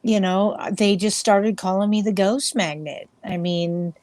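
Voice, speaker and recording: A woman's voice: mid-range voice, fairly even intonation, a little slow, darkish tone, no room sound. Chatty woman telling ghost stories. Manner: rambling, chatty, acts out quoted voices. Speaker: paranormal investigator guest. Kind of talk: casual interview storytelling.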